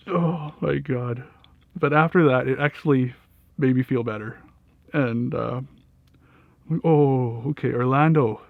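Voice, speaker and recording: A young man spins a long personal story in a loose, rambling way, leaning on fillers, cursing freely and laughing along. His voice carries a gravelly rasp. The recording is dry and somewhat dull, like lo-fi home audio. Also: medium pitch, fairly even intonation, a little slow, no echo. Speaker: vlogger telling a personal story. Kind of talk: casual storytelling.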